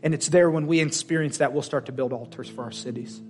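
A man preaching a sermon in a folksy, plain-spoken way, swinging from loud emphatic declarations to quiet intimate prayer. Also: fairly high pitch, quick pace, faint music behind. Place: church service.

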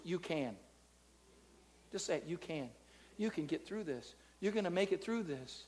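A man preaching a sermon to a live congregation, swinging between loud, drawn-out preaching and soft, close talk, and leading the room in call-and-response. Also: fairly high pitch, expressive. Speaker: pastor. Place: church in front of a live congregation.

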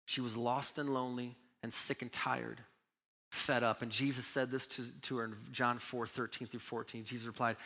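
A man preaching a sermon as pastor, swinging between loud urgent preaching and hushed, intimate asides. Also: medium pitch, little pitch movement, normal speed, big-room sound.

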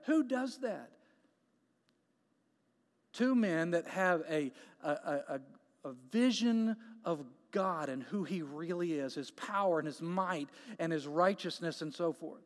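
Preacher, male, high-pitched, emphatic and repetitive, long hall reverb. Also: moderate pace. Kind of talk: sermon.

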